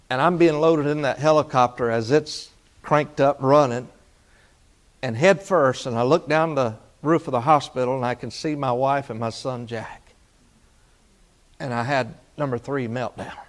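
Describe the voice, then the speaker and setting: Emotional preacher telling his story. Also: on the high side. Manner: emotional storytelling, swings from loud to hushed. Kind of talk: sermon testimony.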